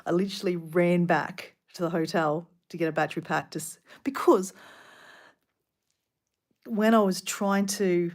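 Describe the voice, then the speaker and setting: Older Australian woman, travel vlogger, casual livestream chat, self-deprecating, rambling, fairly low pitch. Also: steady tone, a little slow. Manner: chatty and self-deprecating, lots of fillers and restarts. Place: small hotel in France at night.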